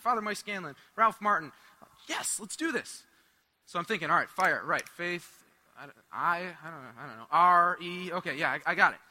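A young man giving a humorous, animated storytelling talk to a live audience at a church rally, acting out the voices of the people in it. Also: sits high, long reverb tail. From United States. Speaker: speaker at a Catholic renewal rally.

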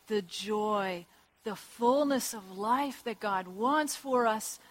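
High-voiced woman preaching a lively sermon. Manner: lively storytelling with acted voices and laughs.

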